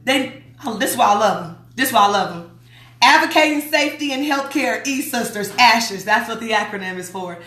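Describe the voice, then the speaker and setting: Chatty woman, bright echoey voice. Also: on the high side, lively intonation, fairly quick. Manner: chatty and emphatic, talks back to her listeners. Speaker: radio show host. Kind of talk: casual talk radio, reading a newsletter aloud. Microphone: streaming mic.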